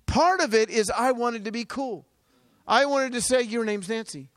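High-voiced preacher man telling a testimony. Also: moderate pace, no room sound. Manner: energetic storytelling with frequent laughs; swings between loud bursts and hushed asides. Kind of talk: testimony sermon.

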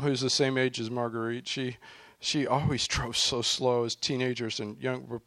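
Middle-aged man, casual storyteller, halting, chuckles, fillers, close dry sound. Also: medium pitch, level tone, fairly bright tone, no echo.

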